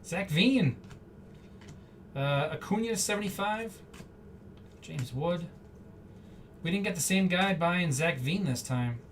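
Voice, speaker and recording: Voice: medium pitch, lively intonation, slow, pauses often. Rambling live card-break host, a bit off-mic. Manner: rambling, off-the-cuff, chatty asides. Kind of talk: casual live-stream chatter while opening packs. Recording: slightly distant mic, faint background hum.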